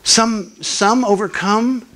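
In a church, an older male guest preacher gives a slow sermon in a voice pitched high for a man. He tells his stories earnestly and acts out the people he quotes with lively voices.

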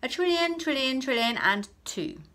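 A woman voicing a smug, eager schoolboy swot in a storybook reading, boastful and loud. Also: medium pitch, animated, unhurried. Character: smug know-it-all schoolboy swot with thick glasses.

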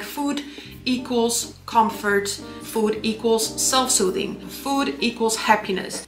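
A woman's voice: on the high side, fairly bright tone. A young adult woman talking candidly to camera in a personal vlog, open and confessional, with many fillers. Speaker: vlogger.

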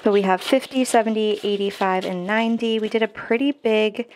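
A woman's voice: mid-range voice, steady tone, brisk, darkish tone, a little hiss or hum. A woman in her twenties, chatting casually to camera as a budgeting vlogger and counting cash aloud in a bubbly way. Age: 20s.

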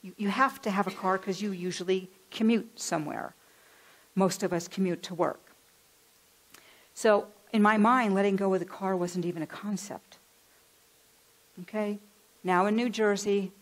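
Animated woman minister telling a story. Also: mid-range voice, low-quality recording. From California. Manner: animated, acts out voices in her stories. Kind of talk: storytelling sermon. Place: church.

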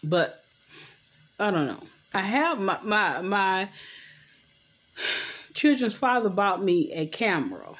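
At home at night, a young adult woman recaps a TV episode for her vlog in a loose, rambling chat, often saying "anywho." She takes it slowly with long pauses, and her mid-range, fairly bright voice swings widely in pitch. A camera mic captures her.

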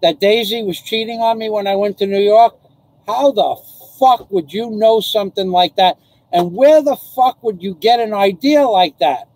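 A man's voice: high-pitched, moderate pace, a little mellow, no echo, rough recording. A man hosting a casual live stream, chatting with viewers, laughing often and ranting with profanity. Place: home in the Philippines.

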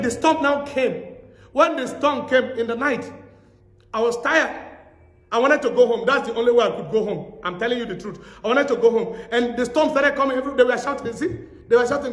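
A man's voice: very high-pitched, a bit bright. A man preaching a sermon as pastor, telling stories and repeating phrases for emphasis. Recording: echoey hall.

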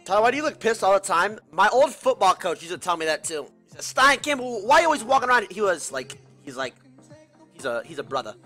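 A young man streaming a video game, ranting and swearing loudly in frustration. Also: high-pitched, fairly quick, faint music behind. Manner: loud profane ranting, shouting in frustration. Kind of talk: live game stream rant.

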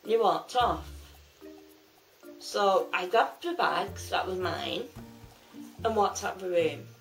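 Woman, vlogger, casual storytelling, rambling with restarts, gravelly voice, soft music behind. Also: lowish voice, expressive, slow pace, rough recording. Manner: rambling retelling with restarts and fillers.

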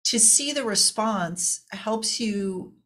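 A woman hosting an interview, reflective and affirming, building her points slowly. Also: medium pitch, animated, fairly bright tone. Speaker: interview host. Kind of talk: casual video-call interview.

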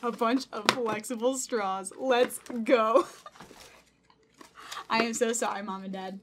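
Young woman gaming vlogger, bright and bubbly, effusively grateful, a bit high-pitched. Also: expressive, unhurried, slight background noise. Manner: bubbly, gushing, thanks over and over. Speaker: gaming YouTuber. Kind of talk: casual vlog, opening fan mail. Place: home room.

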